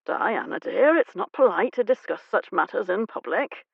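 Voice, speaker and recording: A woman's voice: mid-range voice, animated, moderate pace, gravelly, slightly rough, no echo, narrow, tinny audio, exaggerated voice. A woman narrator voicing a nervous, fussing older man acting as a doting father. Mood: fatherly.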